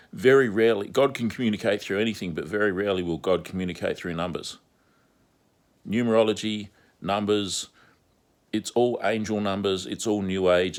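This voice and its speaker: A man delivering a repetitive, insistent monologue as an online commentator. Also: on the low side. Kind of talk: ranting monologue vlog.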